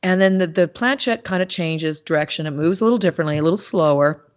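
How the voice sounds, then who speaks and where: A woman's voice: lowish voice, fast talker. A woman guest on an interview show, telling stories animatedly with frequent restarts and fillers. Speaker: podcast guest, animal communicator. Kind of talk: casual interview talk. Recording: dull lo-fi sound.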